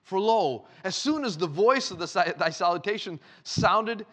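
A man preaching a sermon, a father with a young daughter, reading scripture slowly and loudly and talking in an animated way. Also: high-pitched. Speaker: pastor.

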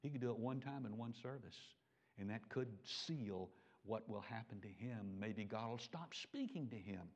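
A man preaching a sermon, animated, swinging from loud emphatic peaks to quiet low asides. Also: normal speed. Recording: dull lo-fi recording.

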